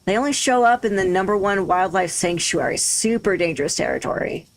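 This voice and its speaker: A woman's voice: fairly low pitch, little pitch movement, normal speed, creaky, husky, exaggerated voice. A woman voicing a cocky young female rival monster tamer in a Valley Girl drawl, with a brash, taunting manner.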